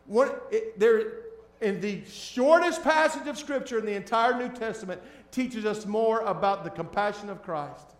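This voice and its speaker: A man preaching as a pastor, shifting between hushed, tender lines and loud, emphatic ones. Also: high-pitched, reverberant. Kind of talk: sermon.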